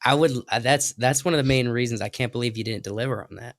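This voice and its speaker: Male co-host, mid-pitched, sarcastic banter. Dry, close mic. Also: quick pace, dry recording. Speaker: podcast co-host. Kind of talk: casual chat.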